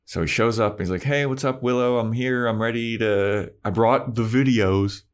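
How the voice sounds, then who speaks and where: A man's voice: medium pitch, moderate pace. A man co-hosting a casual podcast, recapping a TV episode and acting out the characters' lines. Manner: animated retelling, acts out characters' lines. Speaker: podcast co-host.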